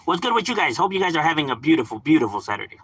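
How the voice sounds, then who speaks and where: Animated, laid-back Southern California guy. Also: on the high side, racing, breathy edge, no echo. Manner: laid-back, laughs often, drops swear words and slang. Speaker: livestream gaming host. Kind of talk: casual live-stream chat.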